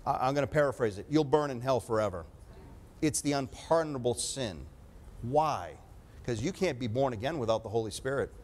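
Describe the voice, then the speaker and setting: A man's voice: mid-range voice, lively intonation, a little fast, a little mellow, a little hiss or hum. A man preaching a sermon with emphatic delivery, often calling for an amen.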